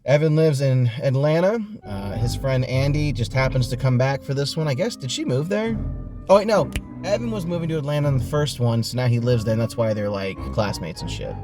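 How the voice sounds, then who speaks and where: A man's voice: medium pitch, animated, a little fast. Male podcast host, casual recap, sarcastic and foul-mouthed, with music behind. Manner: profane, sarcastic.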